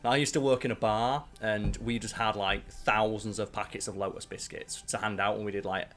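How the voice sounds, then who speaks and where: A man's voice: fairly low pitch, fairly even intonation, brisk, a bit bright, faint music behind. A man hosting his channel, chatting casually and rambling through strong opinions with plenty of swearing. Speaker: channel host ranking biscuits. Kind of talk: casual live-stream chat.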